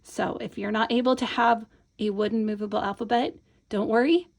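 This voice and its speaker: A woman's voice: on the high side, fairly even intonation, fairly quick, creaky. A woman teaching a hands-on reading lesson, patient and encouraging, often checking in with the viewer. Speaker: Montessori teacher. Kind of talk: instructional demonstration.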